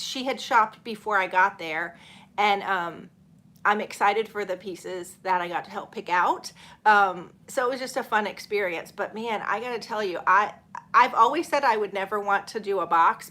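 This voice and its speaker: A woman's voice: medium pitch, pushed and bright. A middle-aged woman, hosting a casual live stream, chatting and laughing as she reads viewer comments. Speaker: channel host.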